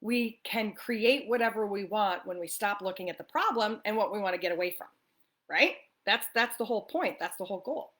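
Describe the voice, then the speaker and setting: An upbeat woman talks straight to camera in a relaxed coffee-talk chat. She coaches listeners in a friendly, chatty way, often checks in with a quick "right?" and slips into easy laughter. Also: medium pitch. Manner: laughs often while talking. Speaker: spiritual life coach. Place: the East Coast of the US.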